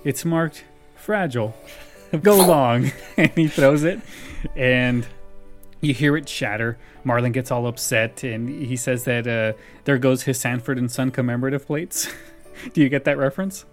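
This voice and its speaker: With a steady tone and normal pace, a male podcast host casually walks through a sitcom episode, frequently laughing while describing scenes. His pitch is mid-range, and soft music plays in the background.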